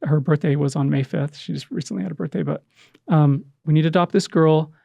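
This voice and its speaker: A middle-aged man talks through a heartfelt story, his voice a little higher than most men's and carrying a gravelly rasp. He stops and restarts often, searching for words in an earnest, halting way. The sound is dry and close, with no room echo. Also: mellow. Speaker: podcast guest, adoptive father. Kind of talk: emotional storytelling in conversation.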